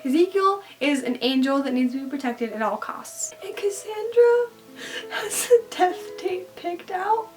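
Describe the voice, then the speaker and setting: A woman talking through a TV episode in a casual recap, gushing and excitable as a fan. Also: very high-pitched, measured pace, distant mic, faint music behind.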